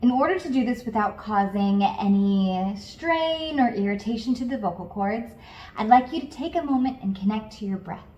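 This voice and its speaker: A woman singing teacher coaching beginners step by step in a calm, encouraging way. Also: mid-range voice, normal speed, echoey room, dull audio. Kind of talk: guided vocal lesson.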